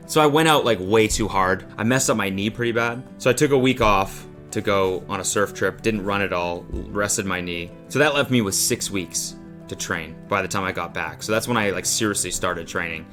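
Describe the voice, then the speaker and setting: A man's voice: low voice, brisk, a bit bright, soft background music. A young man narrating his own vlog in a casual, jokey, profane way. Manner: profane, jokey, self-mocking. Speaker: vlogger.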